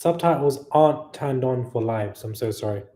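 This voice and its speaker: A tired man hosting a long live stream, chatting casually and reading out viewer messages, sometimes loud and sometimes quiet. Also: mid-range voice, animated, normal speed. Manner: chatty, laughing, shifts between loud and quiet. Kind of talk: casual live chat reading super chats.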